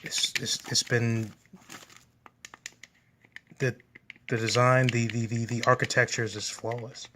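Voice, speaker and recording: Man, enthusiastic, gushing unboxing commentary, mid-pitched voice, faint hiss behind. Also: little pitch movement, unhurried, long pauses. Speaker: gaming channel host.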